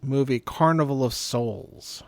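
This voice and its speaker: A man's voice: mid-range voice, measured pace, gravelly, a little mellow, no echo. Easygoing man on a dry mic. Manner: easygoing, stammering restarts. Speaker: podcast co-host. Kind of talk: casual chat.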